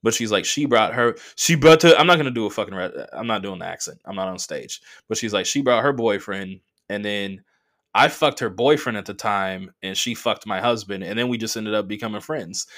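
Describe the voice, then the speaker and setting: A man who is a stand-up comedian and podcast host telling a profane, animated story full of fillers. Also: fairly low pitch, a little fast. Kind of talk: casual storytelling monologue.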